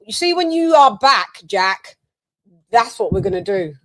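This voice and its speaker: A British woman hosting a casual live-stream chat, animated and chatty, often exclaiming. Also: a little high, unhurried. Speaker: host.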